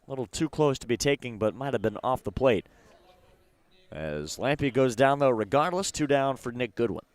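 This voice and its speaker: This young man calls a baseball game play-by-play, brisk and steady, slipping standings talk between pitches. His voice sits in a middle range and sounds close and dry, with no room around it. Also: no echo. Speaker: play-by-play announcer.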